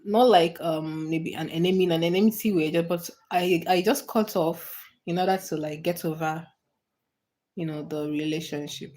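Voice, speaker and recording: A woman's voice: fairly low pitch, fairly even intonation, moderate pace, dark tone. A woman hosting a casual livestream, answering viewers' comments with frequent laughter and repeated, restarted phrases. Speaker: livestream host.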